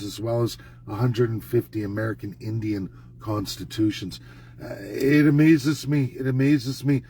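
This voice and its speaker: A man's voice: mid-range voice, a little mellow, slightly rough. A Canadian man delivering an indignant, emphatic political rant to his followers, hammering points through repetition. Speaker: political commentator. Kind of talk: ranting monologue.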